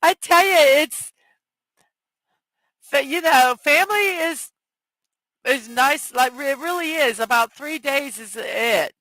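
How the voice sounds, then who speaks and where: A woman with a scratchy, hoarse voice hosts a casual morning livestream, reading viewers' chat messages aloud and talking unhurriedly. Her tone is bright, and the sound is dry and close, picked up by a headphone mic. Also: high-pitched, takes it slowly, long pauses, no room sound. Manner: reads viewer chat aloud, chatty and apologetic. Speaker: morning show host.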